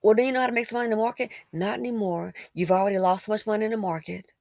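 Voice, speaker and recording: A woman delivers opinionated commentary in a blunt, colloquial way. She drives her points home by repeating phrases and throwing rhetorical questions at the listener. Her voice sits at a middle pitch and is recorded close and dry, with no room sound. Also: steady tone, rapid-fire, creaky, a little mellow, no echo.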